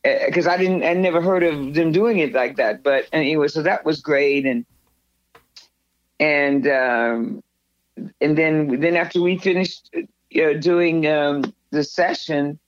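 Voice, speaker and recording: Animated woman telling a story, dull recording. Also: low-pitched, takes it slowly, no echo. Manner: animated storyteller, acts out others' lines. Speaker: guest. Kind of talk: casual storytelling interview.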